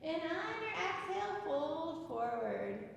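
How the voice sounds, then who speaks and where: A woman leading a kids yoga class in a studio, giving gentle, playful sing-song cues. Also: extremely high pitch, big pitch swings, slow, creaky, a little hiss or hum. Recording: very echoey room with long reverb.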